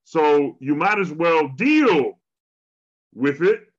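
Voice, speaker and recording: A man's voice: fairly high pitch, drawn-out words. Man telling a story, dull lo-fi sound. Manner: animated storyteller, preachy wrap-up. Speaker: podcast co-host. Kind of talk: podcast conversation.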